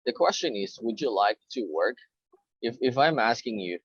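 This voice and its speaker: A man tutoring English speaking over a call, patiently correcting pronunciation and repeating words slowly. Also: medium pitch, expressive, breathy edge, no room sound, muffled recording. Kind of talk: one-on-one pronunciation coaching.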